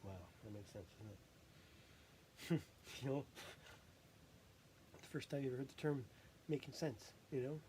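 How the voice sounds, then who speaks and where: A person rambling through a self-recorded monologue, halting and often breaking into laughter while catching their breath. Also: medium pitch, mellow, a little hiss or hum.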